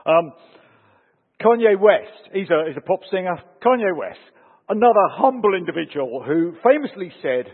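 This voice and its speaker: Man, preacher, husky voice, lo-fi phone-like sound, long echo of a large hall. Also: normal speed. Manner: animated, rising for emphasis and dropping low to close points. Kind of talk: sermon with opening prayer.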